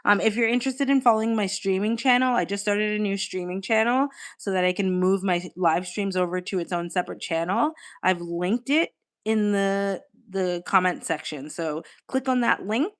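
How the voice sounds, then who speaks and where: A woman's voice: mid-range voice, moderate pace. A young woman, chatting casually with viewers on a live stream, laughing often and swearing now and then. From Australia.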